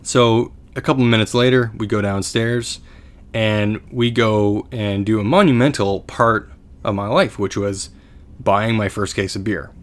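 A man's voice: fairly low pitch, fairly even intonation, a little slow. A young Canadian man co-hosting a podcast, telling a long story in a rambling, self-deprecating way with many restarts. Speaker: podcast co-host. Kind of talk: casual storytelling.

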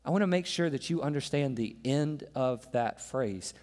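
A man's voice: mid-range voice, expressive, normal speed, hardly any pauses, darkish tone. A man preaching a sermon as pastor, impassioned, asking the congregation rhetorical questions. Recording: long hall reverb with faint music.

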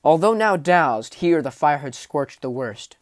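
A man reading a fantasy novel aloud as an audiobook, telling the story vividly, rising in the battle scenes and sinking low for menace. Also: expressive, unhurried, no room sound. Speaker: audiobook narrator. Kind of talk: dramatic audiobook narration.

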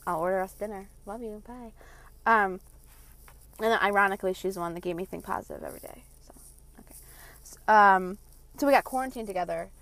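A woman's voice: medium pitch, fairly quick, long pauses, fairly bright tone. A woman in her late twenties ranting from her car, heated, blunt and full of swearing. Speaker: vlogger. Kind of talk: passionate rant.

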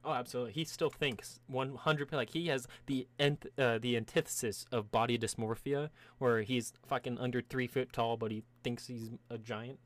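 A man's voice: medium pitch, moderate pace, few pauses. A man in casual chat, brainstorming game characters, laughing often and swearing freely. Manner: animated, laughing, profane.

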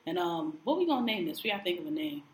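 A woman's voice: lowish voice, big pitch swings, racing, roomy sound, slight background noise. A woman co-hosting a podcast, chatting casually and profanely about a reality show, acting out quotes with laughter. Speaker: podcast co-host.

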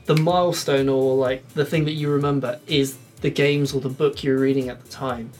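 A man's voice: mid-range voice, flat delivery, fairly quick, darkish tone, faint music behind. A man from England chatting casually on a podcast, rambling and laughing often. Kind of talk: casual chat. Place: shed studio.

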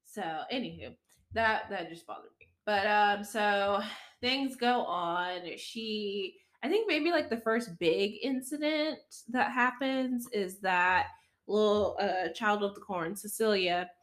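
A woman's voice: medium pitch, slow pace, fairly bright tone. A woman co-hosting a book podcast, chatting casually, swearing now and then and acting out characters. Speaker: podcast co-host.

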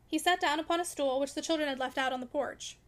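Woman reading aloud a classic novel, high voice, quick pace, expressive, audiobook narration. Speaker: audiobook reader.

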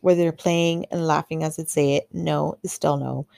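Low-voiced woman telling a candid story. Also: steady tone, moderate pace, vocal fry, a little mellow, no room sound, clean studio sound. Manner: candid, chatty, lots of fillers and acted-out quotes. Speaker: podcast host. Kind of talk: casual storytelling monologue.

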